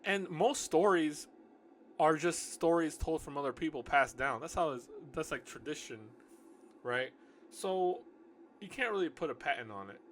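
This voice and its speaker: With lively intonation and a fairly high, slightly bright voice, a man reads from his own novel at a normal speed. The reading is casual and joking, broken by running asides in which he mocks, argues with, and corrects his own prose, and a little background noise can be heard.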